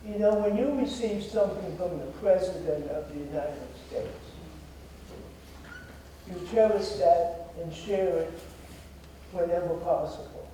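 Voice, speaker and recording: A man's voice: high-pitched, unhurried, warm tone, slight background noise. A man in his nineties gives an earnest, formal speech to an audience as guest speaker in a theater. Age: 90s. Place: theater auditorium. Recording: very echoey hall, voice heard from a distance.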